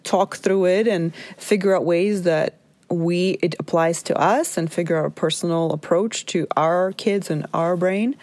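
Dry-voiced encouraging mom coach. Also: female voice, mid-range voice, a little mellow, no room sound. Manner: earnest, encouraging, laughs easily, many restarts. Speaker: parenting coach and podcast host. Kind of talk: casual solo podcast talk.

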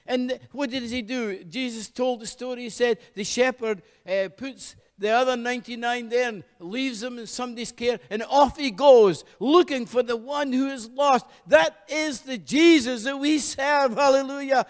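High-voiced preaching man, fervent. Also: moderate pace, few pauses, long reverb tail. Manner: fervent, repeats hallelujah. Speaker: pastor. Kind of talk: sermon.

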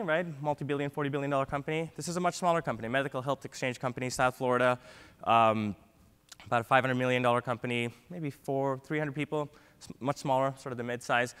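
Man giving a keynote in a reverberant hall. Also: mid-range voice. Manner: energetic, frequent "right?" tags. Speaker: keynote speaker. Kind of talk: conference keynote talk. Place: large conference hall.

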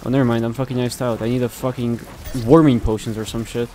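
A young man giving casual gameplay commentary, swearing constantly and reacting loudly to what happens on screen. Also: medium pitch, little pitch movement, fast.

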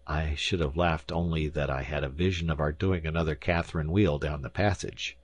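A man narrating an audiobook in a measured, even reading style at a close studio microphone. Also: a bass voice, breathy edge, no echo. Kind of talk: scripted narration.

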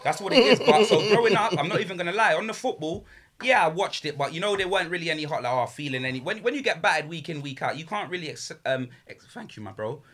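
Young man, bright tone, slangy, animated casual podcast chat. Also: a little high, fast. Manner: slangy, animated, laughs often. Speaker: podcast guest.

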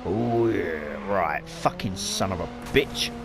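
A man's voice: low-pitched, lively intonation, takes it slowly, creaky. A man giving frantic let's play commentary, swearing a lot and apologizing over and over. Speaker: gamer. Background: game music and car noise.

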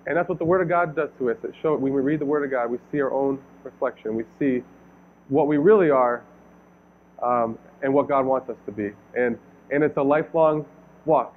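A young man in his twenties preaching a sermon, telling a story earnestly, often restarting his sentences. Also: mid-range voice. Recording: tinny phone-like audio, faint guitar music.

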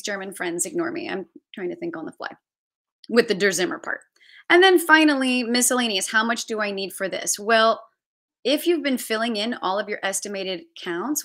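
Bright-voiced chatty woman hosting a livestream. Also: medium pitch. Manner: chatty, thinking aloud, self-correcting. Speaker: travel budgeting host. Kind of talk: live-streamed tutorial with screen share. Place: home basement.

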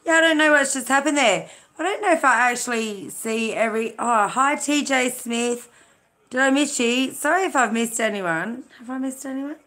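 A woman from Australia chats on a live stream in a bright voice with a clear edge. She rambles easily, fills gaps with hesitations and greets her viewers one by one by name. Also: a little high, moderate pace. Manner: chatty, greets viewers by name, many fillers. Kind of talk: casual live-stream chat.

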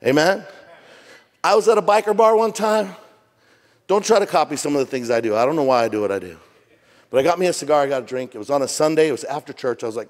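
Casting: male pastor, higher-pitched, animated storytelling sermon, long church reverb. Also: quick pace. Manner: animated, jokey, acts out voices. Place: church sanctuary.

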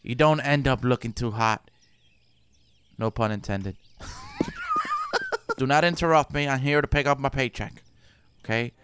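Excitable cursing man with lively pitch. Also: unhurried, long pauses, noisy background. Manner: profane, excitable, bursts into loud laughter. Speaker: gaming video host. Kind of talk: let's play commentary. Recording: game sounds clearly behind the voice.

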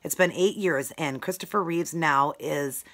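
Low-voiced lady rambling on in a chatty food vlog, eating as she talks. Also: a little slow, fairly bright tone. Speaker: keto food vlogger. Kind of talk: casual vlog chat while eating.

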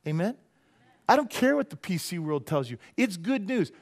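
Animated, jokey male pastor preaching. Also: high voice. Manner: animated and conversational, swinging between loud emphasis and quiet asides; jokey, drops into quick playful voices. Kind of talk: sermon.

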